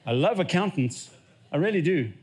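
A man's voice: on the high side, animated, normal speed, darkish tone. A man preaching a sermon as lead pastor, telling stories and acting out little dialogues. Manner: storytelling, acts out dialogue with God.

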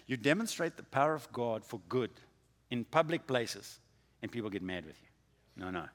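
A man preaching a sermon, with a dramatic delivery that swings from quiet to loud. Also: medium pitch, very animated, unhurried, long pauses, in a large hall. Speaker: pastor.

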